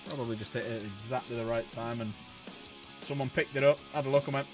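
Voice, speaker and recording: Chatty man streaming, music behind. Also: quick pace. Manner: chatty, laughs often, jumps in pitch when excited. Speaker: streamer and hobby painter. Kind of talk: casual chat while painting on a livestream.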